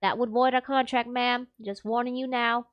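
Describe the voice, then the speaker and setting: Woman reading a stern Texan private eye, polite but unbending, bright high voice. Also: steady tone, normal speed, no echo, highs cut off, close to an everyday voice. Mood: firm. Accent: put-on Texan. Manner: polite, firm, addresses client as ma'am. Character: gruff Texan male private detective, principled. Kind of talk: reading game dialogue aloud.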